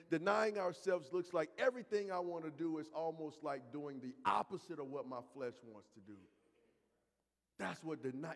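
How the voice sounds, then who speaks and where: A man preaching a sermon as pastor, emphatic and slow in places, repeating phrases and calling out to the congregation. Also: on the high side, gravelly, in a large hall. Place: church sanctuary.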